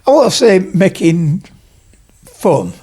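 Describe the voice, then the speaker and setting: An older retired man with a Yorkshire accent, chatting as a podcast guest and telling stories with lively quoted voices. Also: high voice, slow, breathy edge. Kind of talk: casual chat.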